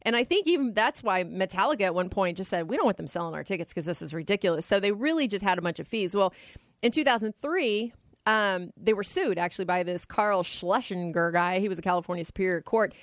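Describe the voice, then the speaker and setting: A woman co-hosting a casual chat show, talking quickly and laughing often. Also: mid-range voice, no room sound, studio quality. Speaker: co-host.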